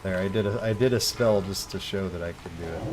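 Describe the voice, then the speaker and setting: A man's voice: deep voice, fairly quick, noisy background. A young man streaming a game, chatting casually in a laid-back, rambling way full of slang. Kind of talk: casual gameplay chat.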